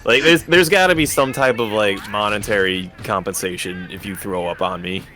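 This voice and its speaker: A man's voice: on the low side, moderate pace, sharp tone. A young man co-hosting a casual gaming chat, telling stories in a rambling way full of fillers. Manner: rambling, filler-heavy storytelling. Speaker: streamer and co-host.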